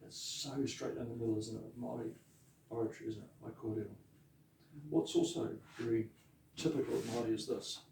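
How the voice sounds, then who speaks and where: A man, a pastor teaching te reo Māori in a chatty lesson, with laughing asides and slow repeated words to drill pronunciation. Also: medium pitch, fairly even intonation, vocal fry, recorded from a distance, noisy background. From New Zealand. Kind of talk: informal language lesson. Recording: echoey room, voice off mic.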